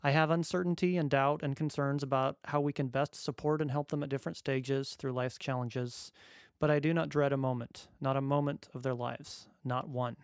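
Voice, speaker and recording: A man's voice: medium pitch, steady tone, moderate pace, no room sound, studio quality. A father reading his own personal essay aloud in a wry, earnest, conversational way.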